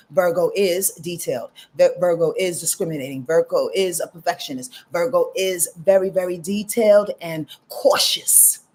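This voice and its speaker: A woman's voice: lowish voice, slightly rough. A woman astrologer giving casual live readings, talking straight to her viewers with lots of "y'all" and "you dig?".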